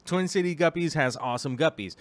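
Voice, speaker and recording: A man's voice: a little high, a little fast. A man vlogging casually about his hobby, rambling with many filler ums and chatty asides to the viewer. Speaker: aquarium vlogger. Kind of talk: casual vlog chat.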